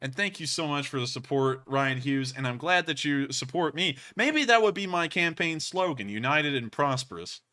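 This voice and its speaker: Slightly high-voiced and speaking at normal speed with few pauses, this livestream show host responds to donations. He rambles in a lively, casual way, often using fillers and restarting.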